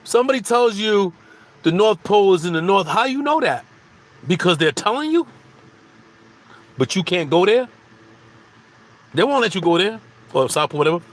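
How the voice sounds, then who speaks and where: A man talking through spiritual ideas in a loose, preachy monologue. He circles back, repeats phrases and restarts his sentences, and his voice sits a bit high for a man. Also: very animated, moderate pace, pauses often. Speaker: spiritual speaker.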